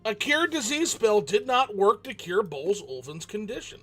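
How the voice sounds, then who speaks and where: A man's voice: sits high, sing-song, moderate pace, sharp tone, husky, soft background music. A man giving joking let's play commentary, chatting back at the game's characters. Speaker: gaming channel host.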